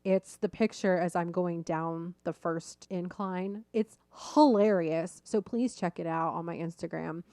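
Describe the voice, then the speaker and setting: A middle-aged woman hosting a podcast, telling a personal story in a lively, self-deprecating way and laughing at herself. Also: fairly low pitch, unhurried, few pauses, no echo. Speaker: podcast host.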